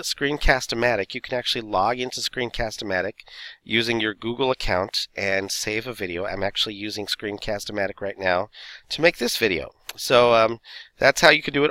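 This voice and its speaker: A man's voice: medium pitch, sharp tone, no room sound. A male teacher casually explaining class assignments in a recorded screencast, with frequent fillers and self-corrections.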